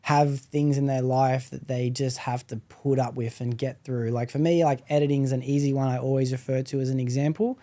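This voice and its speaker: A man's voice: mid-range voice, steady tone, brisk, few pauses, mellow. A man hosting a podcast, talking candidly in a casual, rambling way with many "you know"s. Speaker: podcast host.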